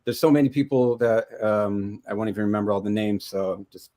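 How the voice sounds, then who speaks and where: A man with a somewhat low voice co-hosts an online event. He speaks earnestly, pausing and restarting as he goes. He is heard over a video call. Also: warm tone. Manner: earnest, halting, with many restarts. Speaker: co-host. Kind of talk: casual livestream talk.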